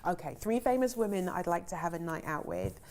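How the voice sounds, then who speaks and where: A middle-aged woman with a somewhat low voice answers rapid-fire questions about herself. She reads each question aloud, then rambles happily through her answer. Her talk is filled with ums and easy laughter. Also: huge pitch swings, a little mellow, slight background noise. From Ghana. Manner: chatty and rambling, many ums, laughs easily. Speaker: film writer and director answering questions. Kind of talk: casual interview answers, reading questions aloud.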